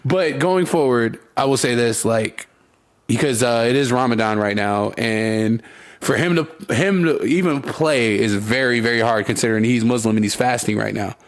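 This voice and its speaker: A young man co-hosts a podcast, trading stories in a loose, casual chat where he laughs often and swears freely. His voice is medium in pitch and moves at a normal speed.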